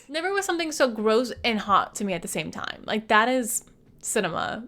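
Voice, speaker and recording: A woman's voice: fairly high pitch, a little slow. A young adult woman recapping a movie in a casual, playful way, using slang and shifting her voice a lot as she talks. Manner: animated, jumps between voices. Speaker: movie reviewer.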